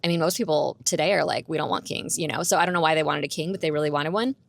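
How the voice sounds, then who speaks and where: A woman's voice: deep voice, very fast, creaky. A young adult woman hosting her own podcast, chatting candidly on her own and laughing often. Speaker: podcast host. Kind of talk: casual solo podcast chat. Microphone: roommate's borrowed microphone.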